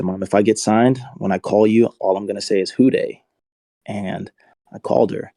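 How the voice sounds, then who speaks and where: Low gravelly man in his twenties. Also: dark tone, dry recording. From United States. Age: 20s. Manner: earnest, emotional retelling. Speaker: guest, football player. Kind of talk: interview storytelling.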